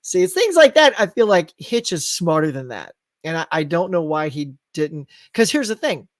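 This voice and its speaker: A middle-aged man hosts a live stream, reading out viewer comments as he chats. He talks in an animated way and now and then breaks into loud acted-out outbursts. His voice sounds dry and close, with no room around it. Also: on the high side, moderate pace, dry recording. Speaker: host.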